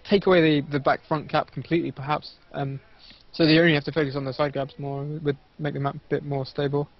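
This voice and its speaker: A man hosting a casual online game cast, quick and polite, full of fillers and restarts, heard over a voice call. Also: a little high, flat delivery, gravelly. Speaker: shoutcaster host. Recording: muffled lo-fi voice call.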